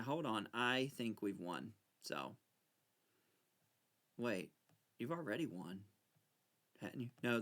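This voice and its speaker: A man chats through a card game in a casual, excitable way, squabbling with himself and playing up his fear. His voice is gravelly and swings widely in pitch. The recording carries a steady layer of noise. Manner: excitable, bickering with himself, mock-frightened. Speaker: channel host playing solitaire. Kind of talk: casual gameplay commentary.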